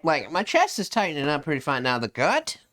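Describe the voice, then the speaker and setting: Laid-back man with a lively voice. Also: a little high, a little fast. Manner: laid-back, laughs easily. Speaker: podcast co-host. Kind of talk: casual podcast chat.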